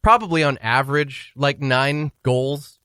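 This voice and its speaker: A man's voice: mid-range voice, a little slow, smooth, dry recording. A man co-hosting a radio show, talking hockey in an easygoing, casual way. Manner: easygoing, lively intonation, drops his voice at phrase ends. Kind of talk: casual sports chat. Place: radio studio. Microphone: studio mic.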